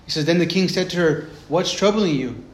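A man's voice: sits high, brisk, roomy sound. A man preaching a conversational sermon, retelling scripture in a loose, chatty way, often checking in with "right?" and restarting his sentences.

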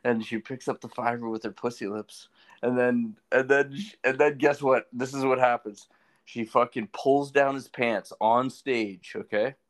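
A man's voice: medium pitch, fairly even intonation, normal speed. A man in casual podcast chat telling a profane story, often checking in with "right?". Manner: profane, laughs easily, tags lines with "right?". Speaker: podcast co-host.

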